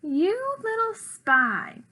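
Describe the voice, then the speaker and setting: A woman reading a storybook aloud and voicing a hot-tempered little girl who shouts with drawn-out angry words. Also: very high-pitched, big pitch swings, pitched above the performer's own voice, heavily acted. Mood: furious.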